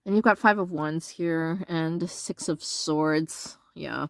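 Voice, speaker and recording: A woman giving a casual tarot reading, blunt and sassy, swearing freely, padding her talk with fillers and jumping up in pitch when she gets indignant. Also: takes it slowly, vocal fry, dry recording. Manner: animated jumps into a higher pitch when indignant. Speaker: tarot reader.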